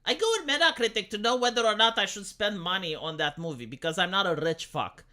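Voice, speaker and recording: A man streaming live, reacting to film reviews with sarcastic, profane rants and halting restarts. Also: sits high, expressive, bright, forceful tone. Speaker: livestreamer.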